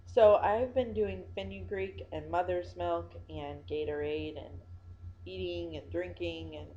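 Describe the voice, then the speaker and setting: A woman's voice: on the low side, warm tone, lo-fi sound, slight background noise. A tired young woman vlogging casually, rambling with many fillers and restarts. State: yawning, tired. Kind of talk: casual personal vlog.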